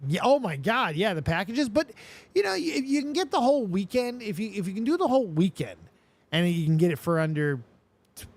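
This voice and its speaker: A man hosting a casual show, talking in a rambling, profane, excitable way. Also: high voice, a little fast. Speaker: host. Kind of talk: casual chat.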